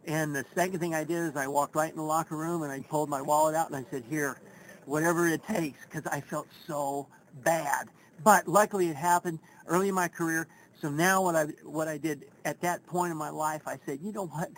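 A middle-aged man, a first base coach, telling a story in an interview in a folksy, animated way and acting out his own quotes. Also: a little high, brisk, slight background noise, low-quality recording. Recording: faint background ambience.

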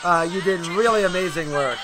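A man's voice: high-pitched, fairly quick, over music. A man hosting a casual sports trivia quiz on his show, upbeat and chatty. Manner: upbeat, chatty, frequent restarts and throat clearing. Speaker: podcast host running a trivia quiz.

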